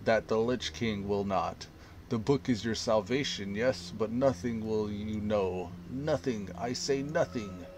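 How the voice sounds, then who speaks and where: A man's voice: on the low side, unhurried, natural voice, low-quality recording. A man voicing a captive undead male mayor, sneering and defiant, with a grim, hissing manner.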